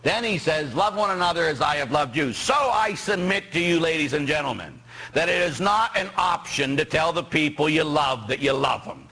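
A priest from Pittsburgh giving a sermon, joking and asking the congregation rhetorical questions. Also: male voice, on the high side, normal speed, breathy edge. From Pittsburgh, USA. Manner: animated, jokey preaching with rhetorical questions to the congregation. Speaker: parish priest.

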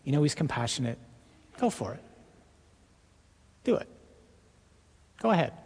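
A man's voice: fairly high pitch, big pitch swings, measured pace, breathy edge, big-room sound, heavily acted. A man putting on a coaxing, sly devil. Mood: wheedling. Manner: coaxing, insinuating. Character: sly tempting devil, coaxing then mocking.

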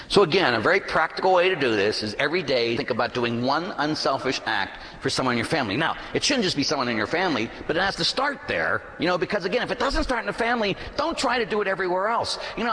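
Lively preaching man in an echoing church. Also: fairly high pitch. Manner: animated preaching, acts out quoted voices. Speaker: pastor. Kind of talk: sermon. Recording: long reverb of a church hall.

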